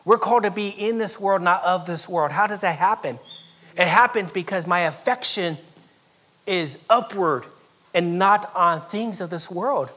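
A Southern California pastor delivers a sermon in a fairly high, slightly slow voice. He shifts between loud, emphatic lines and soft, nearly whispered passages, chuckling here and there.

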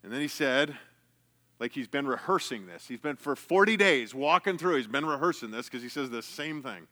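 A man's voice: medium pitch, normal speed, sharp tone. A man preaching a sermon in a conversational way, reading scripture and repeating himself as he explains. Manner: conversational preaching with repetitions and asides. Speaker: pastor.

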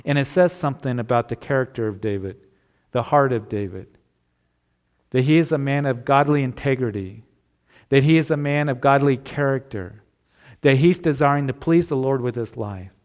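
A man's voice: medium pitch, normal speed. A man preaching a sermon as pastor, earnest and conversational, with occasional restarts.

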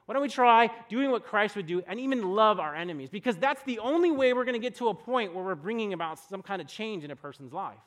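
A man's voice: high voice, expressive, fast talker, hardly any pauses, fairly bright tone. A young adult man preaching a sermon in a conversational, storytelling way, full of rhetorical questions. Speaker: pastor. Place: church podcast recording.

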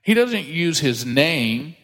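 A male pastor in full sermon mode, his voice pitched a little higher than most men's. He reads scripture and slips into animated quoted voices, and a long reverb trails each phrase around a big hall. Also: takes it slowly. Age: adult, married with children.

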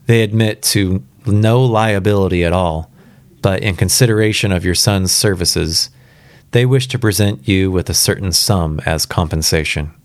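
A man's voice: deep voice, moderate pace, dry recording. A man doing a grave, formal messenger. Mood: somber. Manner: quiet, formal. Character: uneasy formal male messenger, grave and restrained.

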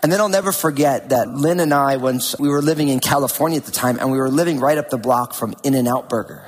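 Pastor, male, middle-aged, from New Jersey; husky voice, chatty storytelling sermon, long hall reverb. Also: medium pitch, fast talker. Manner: casual, conversational, with self-deprecating asides. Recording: long reverb with faint music behind.

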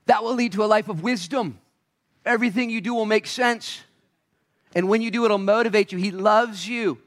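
A man preaching a sermon as a pastor, acting out little voices, swinging between loud shouts and quiet asides. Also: sits high, moderate pace.

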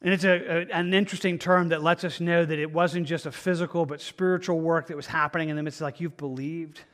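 Male preacher, slightly high voice, earnest, given to repeats and restarts. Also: fairly even intonation, fast talker, fairly bright tone. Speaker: pastor. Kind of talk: sermon on scripture.

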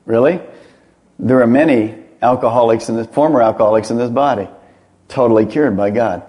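A man's voice: mid-range voice, dark tone. A man, a pastor, preaching a sermon with emphatic rhetorical questions.

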